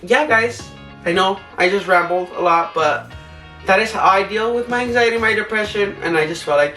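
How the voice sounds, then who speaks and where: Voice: mid-range voice, normal speed. Young adult vlogger, rambling casual advice, recorded at a distance with faint background music. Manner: rambling and expressive, acts out own past self-talk. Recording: roomy, distant mic, faint music behind.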